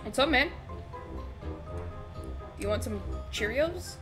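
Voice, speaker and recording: A woman talks slowly through her gameplay in a casual, rambling way. She is jumpy, jokes around and swears often. Game music plays clearly behind her voice. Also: sits high, lively intonation. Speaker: gameplay video creator.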